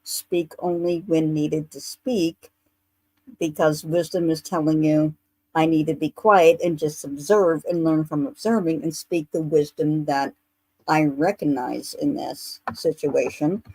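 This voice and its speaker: A woman psychic medium giving a spiritual rune reading on a livestream, explaining steadily with filler pauses. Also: sits low, darkish tone, dry recording, rough recording.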